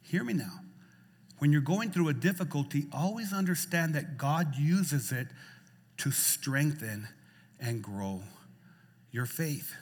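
A male pastor preaching a sermon in a church, repeating phrases and swinging between loud, stirring lines and soft ones. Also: on the high side, animated, slow, pauses often, slightly rough. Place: church sanctuary. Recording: church hall reverb.

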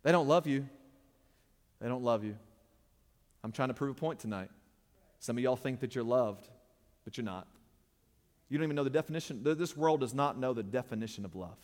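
Talking fast and animatedly, a preacher delivers an emphatic, conversational sermon, using call-and-response with the congregation and rising in volume and pitch on the key points. The church sanctuary gives the recording a long hall reverb.

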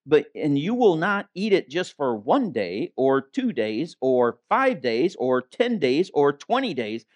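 A man's voice: a little high, no room sound. A man preaching a sermon as interim pastor, casual and conversational, acting out the people he quotes. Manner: conversational, acts out quotes with voices.

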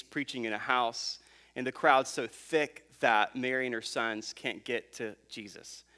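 A man in his thirties preaching a sermon, telling a family story in a relaxed, conversational way with fillers and restarts. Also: mid-range voice. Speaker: pastor.

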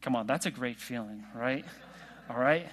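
A man preaching a sermon in a relaxed, conversational way, asking the congregation questions. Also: medium pitch, moderate pace, a little hiss or hum. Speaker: pastor.

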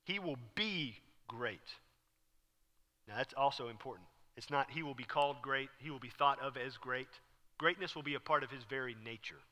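A man preaching a sermon as pastor, talking casually and acting out the scene with sudden loud bursts. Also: mid-range voice, fairly quick. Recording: long reverb hall.

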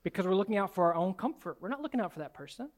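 A man preaching a sermon as pastor in a church, swinging from soft, low asides to loud, high exclamations. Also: lively intonation, rapid-fire. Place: church sanctuary.

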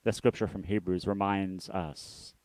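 Preaching reflectively, this pastor repeats words and lets the ends of his phrases fade softly. He sits low in pitch with fairly even intonation and a slightly slow pace, and there's no echo.

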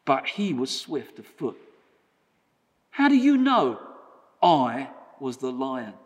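A great lion speaking with calm command, each phrase weighed and stressed, as a preacher reads it aloud. The voice sits at an ordinary middle pitch and rings out into the long reverb of a church hall. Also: male voice, slow pace. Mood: solemn. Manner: solemn, emphatic storybook reading.

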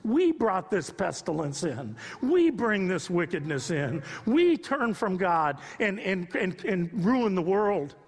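A man in his sixties preaching a sermon off the cuff, moving from quiet storytelling to impassioned rising appeals. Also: high-pitched, sing-song, slow pace, few pauses, breathy edge, big-room sound. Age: 60s. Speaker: pastor.

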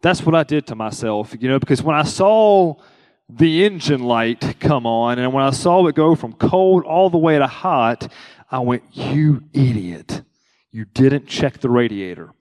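A man's voice: on the high side, animated, normal speed, darkish tone, long reverb tail. A young adult male pastor preaching a conversational sermon, acting out quotes with rising emphasis.

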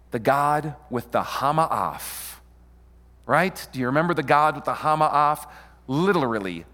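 A man preaching a sermon in an animated way, calling on the congregation to answer him. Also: fairly high pitch. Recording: long hall reverb.

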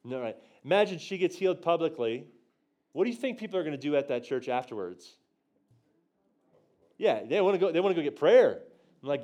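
Lively man telling a church story. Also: a little fast, long pauses. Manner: animated storyteller, acts out his own quotes with big jumps in pitch and volume; drops low and quiet for tender moments. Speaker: guest teacher on prophecy. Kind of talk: storytelling sermon.

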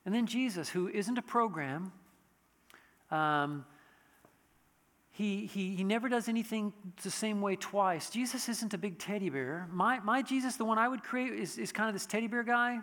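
A man's voice: high-pitched, moderate pace, a bit bright, big-room sound. A man preaching a sermon in a conversational way, with frequent restarts and asides. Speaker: pastor.

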